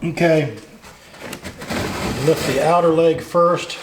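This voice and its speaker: A middle-aged man narrating his woodworking project in a casual, plain-spoken way, pausing often with fillers. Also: a little high, fairly even intonation, background noise. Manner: slow, plain-spoken, with frequent pauses and fillers. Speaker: woodworking channel host.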